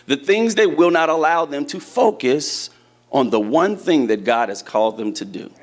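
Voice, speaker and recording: A man preaches to his congregation in a loose, conversational way, often putting questions to the room. His voice sits a little high for a man, and it swings up and down with animation. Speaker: church teacher. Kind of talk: sermon to a congregation. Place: church hall with a congregation.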